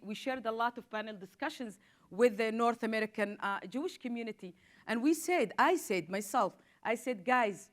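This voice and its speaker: A woman in her forties from southern Israel speaks on a panel as a social worker. She talks earnestly and with growing urgency, circling back over words as she presses her case. Her voice sits a little high. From southern Israel (Negev). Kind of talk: impassioned panel talk.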